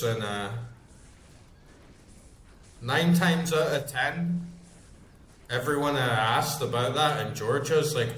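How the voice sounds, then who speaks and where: A man's voice: mid-range voice, animated, unhurried, long pauses, a bit bright, slight background noise. A man in his thirties, a gaming streamer, rambling and ranting in casual chat, full of fillers. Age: 30s. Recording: roomy echo.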